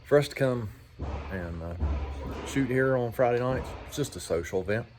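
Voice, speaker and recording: A man's voice: mid-range voice, animated, normal speed, music in the background. A middle-aged man, talking to his vlog viewers in a folksy, joking way with lots of fillers. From West Virginia. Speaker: vlogger. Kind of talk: casual vlog talk.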